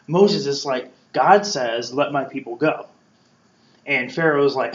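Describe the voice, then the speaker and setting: A man at a middle pitch gives a relaxed Bible talk and slips into playful voices for the people in the story. The sound is roomy and a bit dull, like a lo-fi room recording. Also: slow. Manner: conversational, acts out quotes playfully. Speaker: podcast host teaching scripture. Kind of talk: casual Bible teaching.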